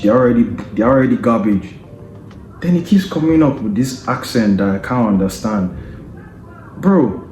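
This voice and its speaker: A man's voice: fairly low pitch, warm tone, slight background noise. Taunting man ranting about football in a roomy space. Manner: taunting, combative, repeats tag questions like "yeah?" and "you understand?". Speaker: football podcast host. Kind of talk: opinionated football rant.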